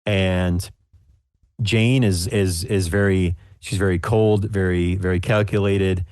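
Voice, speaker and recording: A man runs a tabletop game as game master, low-pitched and relaxed. He rambles with plenty of fillers. The recording is dry and close. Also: takes it slowly, no room sound.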